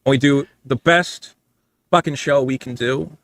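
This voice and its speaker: A man's voice: mid-range voice, measured pace, a bit bright. A podcast co-host pleading with his partner, often repeating himself and restarting his sentences. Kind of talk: podcast argument.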